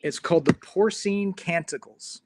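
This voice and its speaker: Brief: chatty male host, high voice, bone-dry sound, loose rambling storyteller. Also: normal speed, no room sound. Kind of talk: casual chat.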